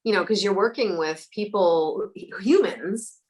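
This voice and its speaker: Lively woman telling ghost stories. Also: medium pitch, unhurried, rough recording. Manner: animated storyteller, acts out voices, laughs often. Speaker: psychic medium guest. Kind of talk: casual interview storytelling.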